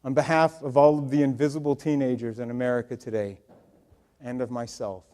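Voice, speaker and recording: A man's voice: mid-range voice, flat delivery, a little fast. Earnest man giving a storytelling talk. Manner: earnest, swings from loud to hushed. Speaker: public speaker.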